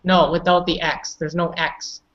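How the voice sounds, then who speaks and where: Teaching English pronunciation online, a woman with a lowish, flat voice speaks unhurriedly, patiently correcting her students and addressing them by name. Highs are missing from the recording.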